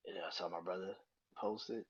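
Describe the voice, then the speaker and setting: Low, husky man speaking in halting grief. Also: fairly even intonation, no echo, lo-fi sound. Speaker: podcast host. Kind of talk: personal monologue on grief.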